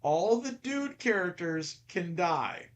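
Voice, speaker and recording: A man's voice: high-pitched, sing-song, slow, background noise. A man hosting a podcast in casual chat, rambling and often stammering over repeated words. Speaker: podcast host.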